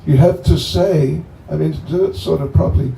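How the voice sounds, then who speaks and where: A man's voice: fairly high pitch, gravelly. A man giving a chatty, joking talk that introduces a guest to devotees at a bonfire gathering. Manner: joking, chatty, slow and rambling. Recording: echoey, distant, faint ambient noise.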